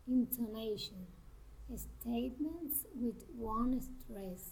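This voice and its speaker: A woman reading a pronunciation exercise aloud, working through word lists and sample sentences with careful, deliberate intonation. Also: a little high, mellow, husky, rough recording. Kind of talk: slow, careful reading of drill words and sentences.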